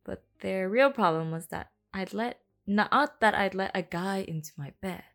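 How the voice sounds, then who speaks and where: A woman's voice: mid-range voice, moderate pace, gravelly. Giggly woman reading a novel aloud. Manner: giggly, breaks off to comment and laugh; drops to a whisper for hushed passages. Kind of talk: casual read-aloud with chatty asides. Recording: soft background music under the voice.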